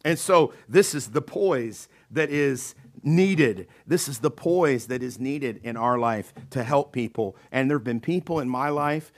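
A man's voice: medium pitch, unhurried. A man preaching a sermon in a conversational way, checking in with "okay?" and acting out the voices in the scripture he reads. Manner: acts out panicked and calm voices in quotes. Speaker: pastor.

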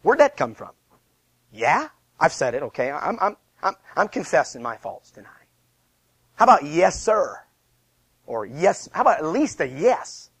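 Pastor guy in his 30s preaching, kinda high voice, dry close sound, keeps firing off "how about" questions. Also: moderate pace, gravelly, husky, no room sound. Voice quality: emphatic, repeats rhetorical questions. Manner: lively, conversational preaching with self-deprecating asides. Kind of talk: sermon.

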